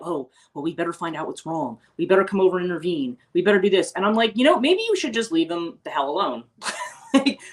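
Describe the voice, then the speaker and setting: A woman's voice: on the low side, fairly bright tone. A woman hosting a casual morning livestream, chatting with viewers and rambling with many restarts and asides. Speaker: host; teacher and life coach.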